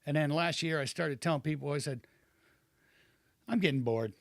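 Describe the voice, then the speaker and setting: Man, 50s, retired wrestler, casual podcast storyteller; a touch high-pitched, dry close mic. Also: moderate pace, gravelly, no room sound. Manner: rambling anecdotes with acted-out quotes.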